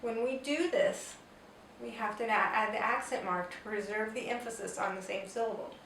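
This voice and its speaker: A woman's voice: a little high, steady tone, moderate pace, creaky, a bit bright. A woman teaching a Spanish grammar lesson, explaining patiently and step by step with example sentences. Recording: roomy echo, distant mic, faint noise.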